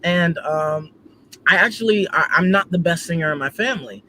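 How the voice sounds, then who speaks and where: Goofy, animated male gospel singer. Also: fairly high pitch, moderate pace, a little hiss or hum, poor audio. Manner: goofy, animated, many fillers. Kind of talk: casual interview chat.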